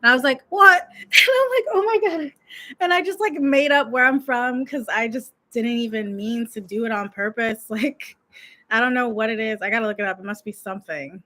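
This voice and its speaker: A woman's voice: a little high, a little fast, pushed and bright. A young woman from the United States, a YouTube coach, chatting in a rambling, giggly vlog style full of "like" fillers. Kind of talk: casual talking-head vlog.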